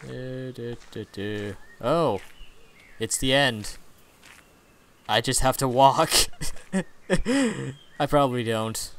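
A man's voice: medium pitch, expressive, drawn-out words, pauses often, a bit bright. A man giving playful let's play commentary, reading game text aloud and pretending to be scared. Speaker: gamer.

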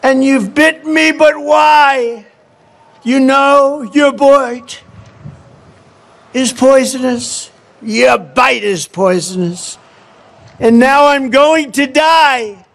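A man's voice: drawn-out words, gravelly, long pauses, a bit bright, heavily acted. A man voicing a tender-hearted woman in a raised, dramatic voice as she cries out. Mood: anguished. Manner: high, crying out, dramatic. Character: tender-hearted kind woman, frightened after a bite.

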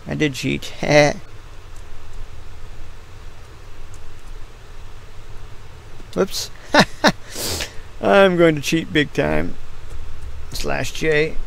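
A tired middle-aged American man with a gravelly voice, yawning as he rambles through casual commentary on his gameplay stream. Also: fairly high pitch, a little hiss or hum, low-quality recording.

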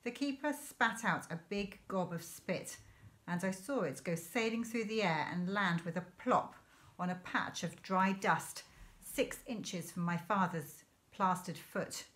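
A woman teacher reading a children's novel aloud in a clear, measured storytelling manner. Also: medium pitch, a bit bright. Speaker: primary school teacher.

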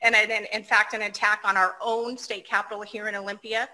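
Woman giving her farewell president speech on a video call, bright voice, a bit self-deprecating. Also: medium pitch, little pitch movement, a little fast, rough recording. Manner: personable, lightly self-deprecating. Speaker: outgoing association president.

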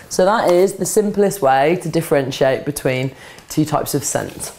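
Low-voiced woman teaching a dog. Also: moderate pace, a little hiss or hum. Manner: calm, practical explaining, breaking into soft praise and commands to a dog. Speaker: dog trainer. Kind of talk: instructional demonstration. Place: indoors, training session with a dog.

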